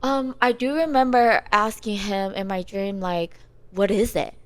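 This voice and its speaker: A woman's voice: mid-range voice, fairly even intonation, measured pace, rough recording. A young woman telling a personal dream story in casual chat, rambling with many fillers. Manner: rambling, lots of "like" and "you know". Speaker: guest.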